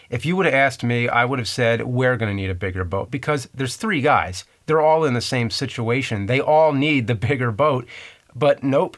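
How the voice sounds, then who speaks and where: A man's voice: mid-range voice, a bit bright. Man explaining movie trivia, dryly amused. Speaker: host. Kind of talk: scripted commentary on movie trivia.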